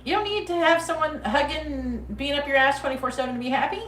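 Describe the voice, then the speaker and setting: A woman's voice: high-pitched, fairly quick, a bit bright. Blunt, profane psychic woman in an echoey room. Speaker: psychic livestream host. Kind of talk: live tarot reading chat. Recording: echoey room, mic at a distance.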